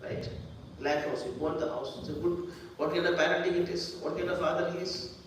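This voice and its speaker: A man's voice: fairly high pitch, fairly even intonation, brisk, a little hiss or hum. A man preaching a sermon in a conversational way, repeating words and acting out the people he quotes. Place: temple hall. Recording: echoey hall from far off.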